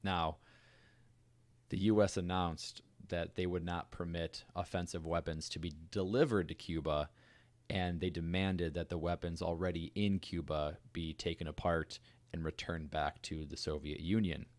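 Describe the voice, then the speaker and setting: A man co-hosting a podcast, telling a history story in a relaxed, conversational way with fillers and asides. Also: low-pitched, moderate pace, dry recording. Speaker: podcast co-host. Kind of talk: casual storytelling chat.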